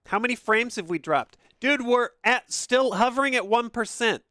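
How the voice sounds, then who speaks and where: Excitable, swearing man streaming a game. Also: extremely high pitch, moderate pace, few pauses, no room sound. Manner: excitable, profane, laughs often. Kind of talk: casual gaming stream commentary. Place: upstairs room at home.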